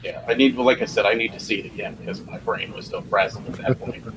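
A man talking casually on a podcast, animated and swearing freely, laughing at himself. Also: on the low side, fast talker. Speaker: podcast co-host. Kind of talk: casual chat. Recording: steady background noise.

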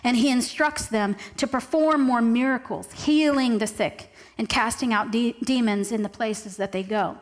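A woman with a high voice delivers a sermon to a congregation. She reads scripture aloud and slows down to stress key words. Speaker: preacher.

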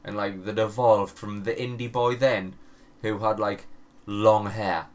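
Swearing, animated man telling stories. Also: lowish voice, measured pace. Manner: animated storyteller, heavy swearing, frequent laughter. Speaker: podcast co-host. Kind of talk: casual chat.

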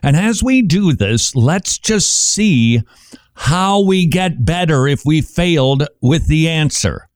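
Guy preaching, lively up and down voice, acts stuff out, dry sound. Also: slow pace, no room sound. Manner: animated, emphatic, shifts pace and pitch for effect; conversational, teaching with rhetorical questions. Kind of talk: sermon.

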